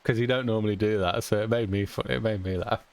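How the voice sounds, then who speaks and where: A man's voice: fairly low pitch, steady tone, quick pace, gravelly. A young British man chatting casually while streaming a game, rambling and chuckling often with mild cursing. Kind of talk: casual chat while gaming.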